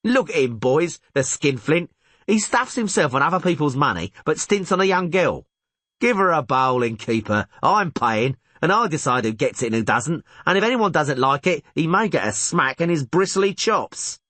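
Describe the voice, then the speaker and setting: A man's voice: fairly high pitch, very animated, normal speed, a bit bright, no room sound, voice pushed up. A man voicing a coarse, domineering male brute who blusters boisterously.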